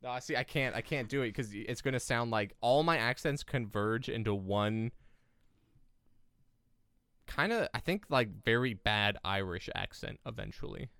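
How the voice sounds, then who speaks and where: A man's voice: medium pitch, lively intonation, moderate pace, a bit bright, clear, resonant tone, dry recording. A man co-hosting a casual podcast chat, rambling and hesitant, often trailing off and starting over. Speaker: podcast co-host.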